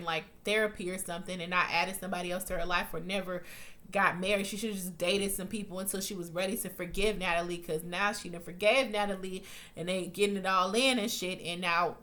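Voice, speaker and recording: A woman's voice: lowish voice, a bit bright. A woman giving a casual, profane recap of a TV episode, talking bluntly and acting out the characters' lines. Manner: profane, blunt, chatty, acts out quotes. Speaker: TV recap vlogger.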